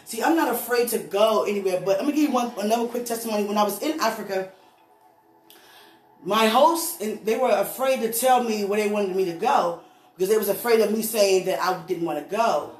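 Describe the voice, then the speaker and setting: A woman preacher giving a lively, storytelling testimony, laughing often as she speaks. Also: medium pitch, fairly quick. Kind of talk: church testimony sermon. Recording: echoey room with faint music.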